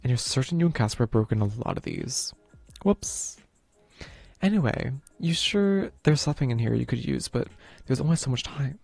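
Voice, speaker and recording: Gravelly man reading a game aloud. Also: medium pitch, wildly swooping pitch, moderate pace, darkish tone, no echo. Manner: reads narration, breaks off to chat about the game. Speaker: streamer. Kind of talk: reading a visual novel aloud while playing.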